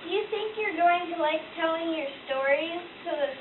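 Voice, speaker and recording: A young third-grade girl reporter who reads her questions shyly and haltingly in a school library. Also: very high-pitched. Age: child, third grader. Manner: shy, halting, giggly. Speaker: student reporter. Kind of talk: reading interview questions. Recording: tinny, distant, echoey and noisy.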